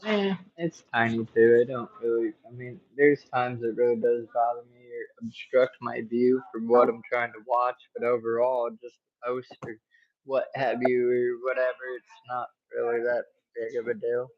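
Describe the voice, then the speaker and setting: A man hosting a casual livestream from home, talking in a relaxed, rambling way with many fillers. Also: medium pitch, moderate pace, dry recording. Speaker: livestream host. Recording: dull lo-fi stream audio.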